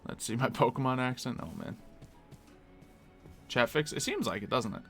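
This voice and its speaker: American male streamer, casual and talkative, bright tone, faint music under him. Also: medium pitch, expressive, normal speed. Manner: chatty, answers chat requests aloud. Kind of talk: casual live-stream chat. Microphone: desk mic.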